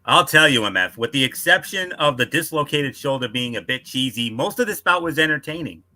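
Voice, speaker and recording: A man co-hosting a wrestling podcast, emphatic and fond of rhetorical questions. His mid-pitched voice has a very bright, forceful edge. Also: lively intonation, a little fast. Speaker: co-host. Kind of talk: wrestling recap chat.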